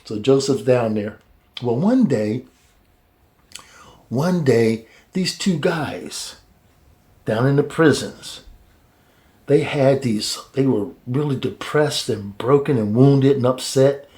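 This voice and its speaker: Man, Bible study teacher, casual and colloquial, halting with restarts, warm mellow voice. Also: mid-range voice, expressive.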